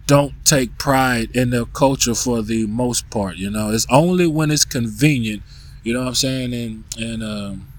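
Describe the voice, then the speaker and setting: A man hosting a podcast, talking bluntly in a casual monologue, swearing, restarting his sentences and filling gaps with "you know" and "right". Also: medium pitch. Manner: blunt, profane, many restarts and fillers. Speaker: podcast host.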